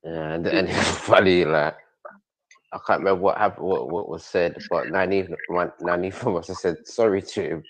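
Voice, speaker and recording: A man's voice: deep voice, steady tone, moderate pace, no echo. A man chatting on a stream, retelling stories while he keeps breaking into laughter. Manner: laughing storyteller. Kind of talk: casual reaction chat.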